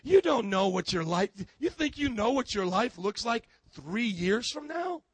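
A high-voiced male pastor preaches in an emphatic, animated way. He fires off rhetorical questions and acts out little scenes. The sound is dry and close. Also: a little slow, husky, no echo. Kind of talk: sermon.

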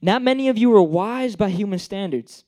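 A man's voice: high voice, animated, moderate pace, dark tone. A young man giving a casual, joking sermon, acting out the characters he talks about. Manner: chatty, joking, acts out characters. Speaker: preacher.

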